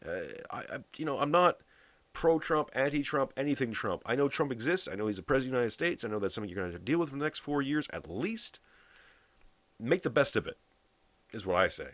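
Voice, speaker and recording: A man's voice: medium pitch, very animated, quick pace, a bit bright, no echo. A man from Canada giving a blunt, sarcastic political rant, swearing heavily.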